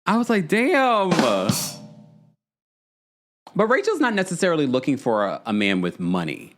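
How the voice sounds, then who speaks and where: Animated gossipy man recapping reality TV. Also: medium pitch, fast talker, faint music behind. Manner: gossipy, animated, laughs often. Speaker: podcast host. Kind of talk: casual reality TV recap with live chat.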